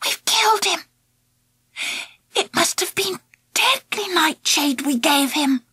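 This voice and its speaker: A woman voicing a mischievous young girl who plays tricks, talking high and breathless. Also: takes it slowly, dry recording, clean studio sound, heavily acted. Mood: tragic. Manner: breathless, giggling, high and excited.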